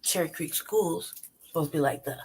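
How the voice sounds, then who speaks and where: Low, brisk, a little mellow and husky, this woman's voice carries a profane, blunt rant on her own channel. Between points she laughs, and she talks straight at the listener, asking "right?" over and over.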